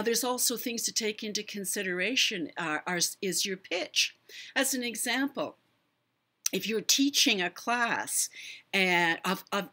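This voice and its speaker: Slow, bright-voiced woman host. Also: on the low side. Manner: measured, hesitant with fillers, demonstrates voice techniques. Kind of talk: live stream tips.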